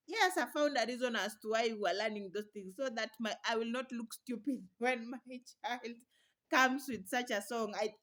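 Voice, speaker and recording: A young woman talking casually to camera in her vlog, chatty and encouraging, laughing often. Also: on the high side. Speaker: vlogger.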